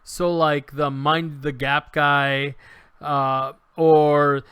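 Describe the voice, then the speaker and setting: Co-hosting a podcast, this man casually retells a comedy show, restarting often and acting out the quotes like an animated storyteller. His voice is a little high, with drawn-out words and a clean tone, and there's no room sound.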